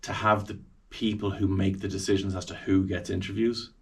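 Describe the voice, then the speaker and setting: A man's voice: low-pitched, fairly quick, gravelly, distant mic. An Irish man, a radio presenter, chatting animatedly as a podcast guest about interviewing celebrities. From Ireland. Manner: chatty, animated, acts out quoted voices.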